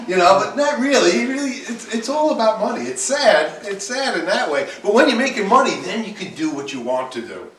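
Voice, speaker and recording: A man's voice: high-pitched, animated, quick pace, few pauses, a bit bright. Man teaching cooking in echoey classroom. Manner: repetitive, restarts often, switches to bold exclamations. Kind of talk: classroom lecture. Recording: echoey classroom, distant mic, faint hiss.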